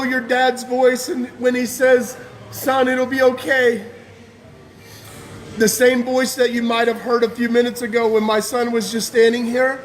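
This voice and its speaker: A man giving an impassioned personal testimony as a guest speaker, fervent and emotional, with casual slang. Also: extremely high pitch.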